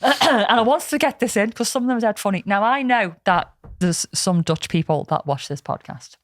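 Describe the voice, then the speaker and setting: Woman podcast co-host, frank and chatty, dry studio sound, mid pitch. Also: expressive, normal speed, no room sound. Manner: chatty, laughs often, frank. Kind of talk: casual chat.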